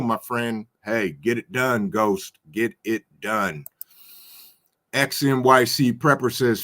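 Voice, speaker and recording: Easygoing guy hosting a stream, reads out chat, greets folks, chuckles a lot, slow and unhurried. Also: medium pitch, fairly bright tone. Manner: upbeat, reads viewer comments aloud and greets each by name; chuckles often. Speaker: livestream host reading chat. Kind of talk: casual chat.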